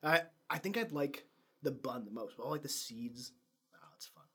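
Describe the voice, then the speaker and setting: A man's voice: medium pitch, moderate pace, sharp tone, husky. A man co-hosting a podcast in casual chat, rambling and laughing at himself. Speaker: podcast co-host.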